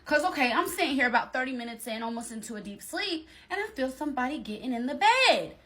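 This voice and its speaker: Animated woman telling a storytime. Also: sits high, fast talker. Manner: animated, slangy, talks straight to viewers and acts out quoted lines. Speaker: storytime vlogger. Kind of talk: casual storytime.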